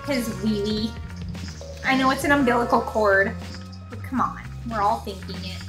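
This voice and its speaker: A woman's voice: on the high side, moderate pace, music in the background. A woman streaming a video game, chatting casually and grumbling sarcastically, with frequent swearing. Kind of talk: casual live-stream chat while gaming.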